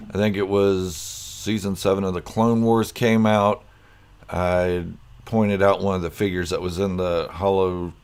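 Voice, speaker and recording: A man's voice: deep voice, a little mellow, clear, resonant tone. An American man hosting a casual live stream, chatting loosely and greeting viewers by name. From United States.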